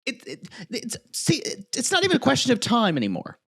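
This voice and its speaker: A man's voice: wildly swooping pitch, brisk, vocal fry, fairly bright tone, breathy edge. A man in his forties co-hosting a podcast in casual chat, joking with a sarcastic edge. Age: 40s. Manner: sarcastic, joking, swings pitch a lot. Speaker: podcast co-host.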